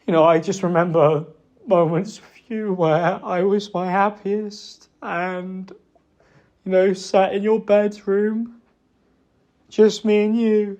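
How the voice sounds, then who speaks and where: A young man giving a halting, self-reproachful personal apology, emotional and close to tears, hesitating with many fillers. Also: high voice, a little mellow. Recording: dull lo-fi recording.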